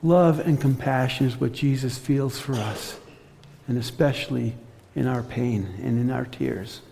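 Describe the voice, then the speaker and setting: A man preaching a sermon as pastor, earnest, slowing and softening on reflective passages. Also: medium pitch, fairly even intonation, gravelly, long reverb tail, slight background noise.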